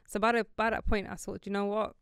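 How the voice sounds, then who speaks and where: A woman talks through her experience with earnest reflection, her voice smooth and resonant yet carrying a gravelly edge. The sound is close and dry. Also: mid-range voice, flat delivery, fast talker, fairly bright tone, no echo. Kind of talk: candid podcast conversation.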